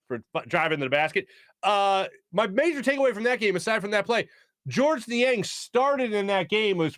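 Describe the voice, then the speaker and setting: A man's voice: high-pitched, sing-song, normal speed, a bit bright, dry recording, clean studio sound. A man hosting a casual live sports talk stream, joking, humming filler tunes and reading out viewer comments. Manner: chatty, jokey, hums filler tunes and tries celebrity impressions. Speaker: sports talk show host.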